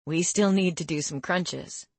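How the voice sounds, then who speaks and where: A woman doing a calm, teasing young trainer. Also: lowish voice, measured pace, no room sound. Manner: calm, playful and quietly confident. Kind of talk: audiobook character voice.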